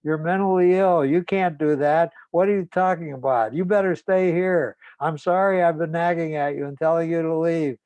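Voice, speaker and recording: A man voicing a distraught, nagging mother in a retold story, speaking high, loud and frantic. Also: moderate pace, few pauses, smooth, dry recording, natural voice.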